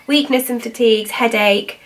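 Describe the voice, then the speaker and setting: A woman's voice: fairly high pitch, fairly even intonation, normal speed, distant mic. Rambling young Englishwoman, off-mic. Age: 20s. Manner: rambling, full of "like" and "I was like". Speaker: vlogger. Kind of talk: casual personal storytelling.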